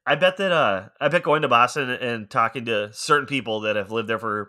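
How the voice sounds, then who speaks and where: A man talks loosely with his co-hosts, his voice bright and forward. He rambles, peppers his speech with filler words and laughs easily, all in casual podcast chat. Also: medium pitch, a little fast. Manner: rambling, laughs often, heavy use of "like". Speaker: podcast co-host.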